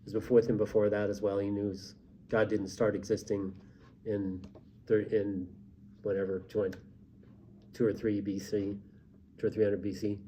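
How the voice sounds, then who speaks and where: A man's voice: fairly low pitch, flat delivery, moderate pace, pauses often, warm tone, slight background noise. A man co-hosting a casual faith discussion, talking in loose rambling sentences with frequent restarts. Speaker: co-host.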